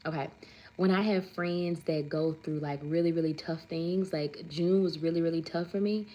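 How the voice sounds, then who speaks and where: A woman's voice: deep voice, fairly even intonation, moderate pace, warm tone, dull audio. A woman, hosting a casual livestream chat, rambling and saying "like" often. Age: 30s. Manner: chatty, rambling, says "like" often; reads viewer comments aloud. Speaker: livestream host.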